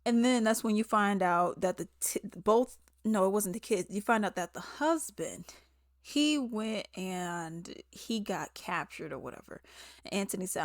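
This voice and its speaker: A woman, casually recapping a movie, animated and exasperated, acting out the characters' lines. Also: medium pitch, unhurried, dry recording, clean studio sound. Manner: chatty and animated, acts out characters' lines in quotes; exasperated, sarcastic asides. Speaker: movie reviewer.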